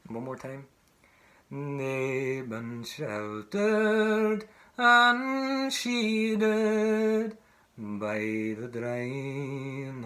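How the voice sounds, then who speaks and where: An Irish singing teacher with a mid-range, slightly bright voice leads an online lesson on a traditional song. He speaks patiently, repeating each phrase so learners can sing it back.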